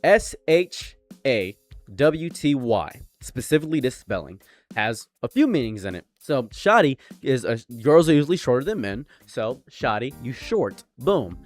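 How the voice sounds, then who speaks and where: A man's voice: mid-range voice, big pitch swings, measured pace, soft background music. A man with an American accent and a slight foreign tang, doing casual commentary and repeating his points with emphasis. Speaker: commentary YouTuber.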